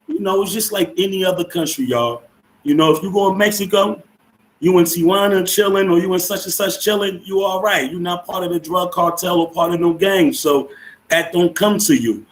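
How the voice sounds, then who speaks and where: A man hosting a casual live stream, upbeat and chatty as he greets and shouts out his viewers. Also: high voice.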